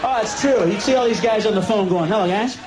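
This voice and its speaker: A man's voice: high-pitched, fast. A man doing a stand-up routine with explosive delivery, breaking into screams. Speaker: stand-up comedian. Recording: live club tape with loud crowd and hiss.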